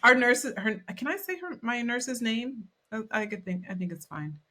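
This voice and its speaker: A woman teacher co-hosting a podcast in casual chat, animated and quick to act out children's voices. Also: a little high.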